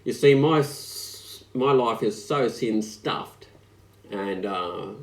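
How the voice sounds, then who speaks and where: A man preaching an online sermon, speaking slowly and reflectively with frequent pauses and fillers. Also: lowish voice. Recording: echoey room.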